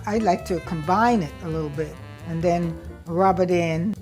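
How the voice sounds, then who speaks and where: A woman's voice: on the low side, moderate pace, darkish tone. South carolina gullah lady cooking outside, homey and proud, a bit of music behind. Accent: Gullah Geechee South Carolina. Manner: homey, proud, explains as she works. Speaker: chef and cookbook author. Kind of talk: casual talk while cooking. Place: outdoors at a family cookout.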